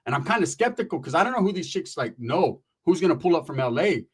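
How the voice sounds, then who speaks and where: A man's voice: fairly high pitch, fast, breathy edge. A man from Northern California telling a wild personal story in casual, profane street slang sprinkled with Spanish words, acting out the people in it. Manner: animated, acts out the people in his story.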